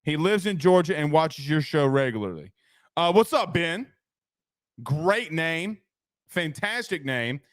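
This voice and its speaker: A man with a high voice hosts a postgame sports talk show, ranting with lots of energy and reading viewer comments aloud. His delivery is loose and conversational. The sound is dry and close to the mic. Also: unhurried, dry recording. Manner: animated, ranting, reads chat comments.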